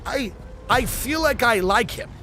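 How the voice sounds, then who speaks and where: A man's voice: extremely high pitch, lively intonation, a little slow, pushed and bright, soft background music. A man hosting a comedy podcast, reading a news article aloud and breaking off into sarcastic joking asides.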